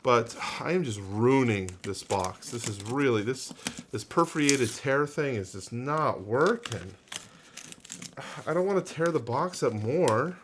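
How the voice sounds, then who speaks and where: A man's voice: medium pitch, expressive, unhurried, fairly bright tone, a little hiss or hum. A man hosting a casual unboxing video, rambling and thinking aloud with lots of fillers and restarts. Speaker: unboxing channel host.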